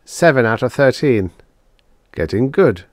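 A man's voice: medium pitch, lively intonation, a little slow, dry recording, studio quality, pitched above the performer's own voice, lightly acted. A man voicing an impatient, contemptuous young spaceman who talks bluntly. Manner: blunt, scornful, shouting.

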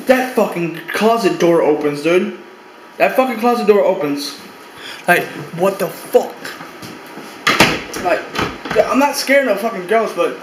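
A man's voice: high voice, reverberant, noisy background. A young man vlogging casually from his bedroom, rambling, swearing a lot and repeating himself. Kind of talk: casual room-tour vlog.

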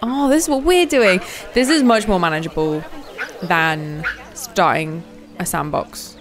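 A woman's voice: lowish voice, a little slow, soft background music. A young woman giving casual gameplay commentary, gushing and cooing over the animals. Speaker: gaming video host.

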